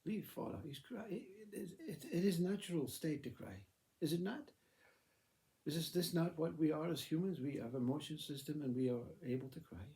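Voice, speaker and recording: Man playing serene storybook mother, higher and softer, gravelly edge, unhurried and dismissive. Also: natural voice. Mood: calm, soothing. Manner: soothing, dismissive, patient. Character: calm unbothered older mother figure.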